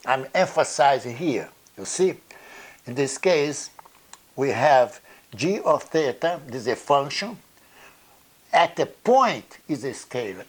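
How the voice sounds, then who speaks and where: Guy teaching math at a board, pretty high voice, bounces up and down a lot, slow, keeps saying okay? you see?. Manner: halting, repeats words, checks in with "okay?" and "you see". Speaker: math lecturer. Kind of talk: blackboard lecture.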